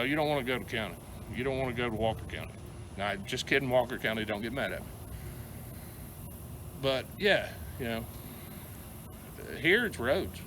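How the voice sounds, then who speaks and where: A man's voice: mid-range voice, a bit bright, slight background noise. A middle-aged man with a Southern American accent, ranting angrily to camera, rambling and stumbling over repeated words. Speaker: vlogger. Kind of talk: angry venting rant to camera.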